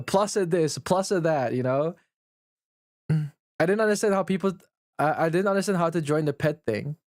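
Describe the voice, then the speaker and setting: Male streamer with a raised pitch, swearing through an exasperated rant, dry close sound. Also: a little mellow, dry recording. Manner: profane, ranting, exasperated complaining; laughs often at his own rant. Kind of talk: casual livestream chat.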